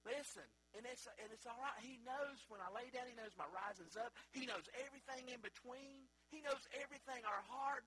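A man preaching a sermon as pastor in a church, moving between emphatic peaks and quiet asides. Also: very high voice, a little fast, few pauses, slight background noise, low-quality recording. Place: church sanctuary.

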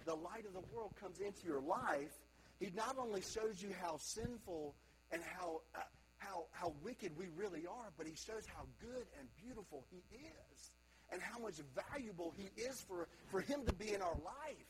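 A man preaching a sermon to a congregation, moving between quiet reflective stretches and loud emphatic calls to young people. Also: high voice, expressive, normal speed, low-quality recording. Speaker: pastor.

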